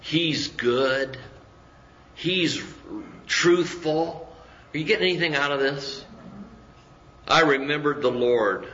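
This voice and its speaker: A man's voice: fairly high pitch, measured pace, sharp tone. A man, a pastor, preaching a conversational sermon full of rhetorical questions and mock voices. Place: church. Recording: roomy, dull church recording.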